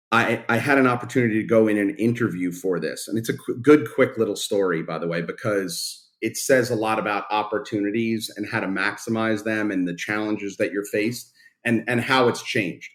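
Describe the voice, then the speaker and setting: Fifties guy, founder type, lively blunt storyteller, salty casual talk. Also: lowish voice, moderate pace. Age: 50s. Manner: animated, casual and blunt, swears freely. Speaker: company founder, guest. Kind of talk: storytelling in a podcast interview.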